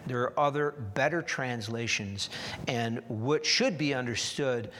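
Earnest preacher with hall reverb. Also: male voice, medium pitch, a little slow, fairly bright tone, slight background noise. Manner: earnest, restarting phrases, rising emphasis. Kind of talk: sermon.

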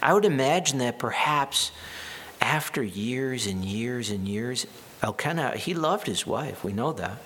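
A man's voice: medium pitch, lively intonation, measured pace, a bit bright, slightly rough. A man preaching a sermon in a conversational way, with wry asides and restarts. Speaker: pastor.

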